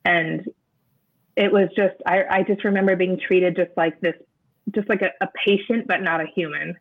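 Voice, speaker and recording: A woman, an interview guest, recounting a personal experience in a halting way, often restarting as she searches for words. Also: on the low side, steady tone. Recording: narrow phone-like sound.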